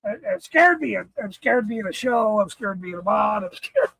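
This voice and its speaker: A man's voice: high-pitched, very animated, moderate pace, vocal fry, a bit bright, no echo, poor audio. A man hosting a casual livestream, swearing and greeting viewers in chat between bursts of laughter. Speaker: livestream host.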